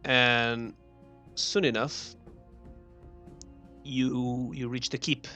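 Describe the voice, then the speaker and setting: A man narrating as game master of a tabletop game over a voice call, with many pauses and fillers. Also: mid-range voice, level tone, pushed and bright, soft background music. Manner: laughs often, hesitant narration with fillers.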